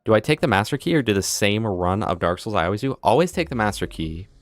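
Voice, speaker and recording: Young male streamer, lowish pitch, lively jokey rambling delivery. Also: fast talker, no echo. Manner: joking, rambling, breaks into silly voices. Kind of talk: live gameplay chat.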